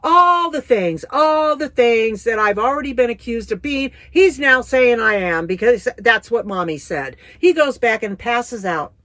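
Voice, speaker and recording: A woman's voice: fairly high pitch, animated, unhurried, hardly any pauses, a bit bright, dry recording. A middle-aged woman from the United States telling her personal testimony in a vivid, folksy, blunt way. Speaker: Christian testimony speaker.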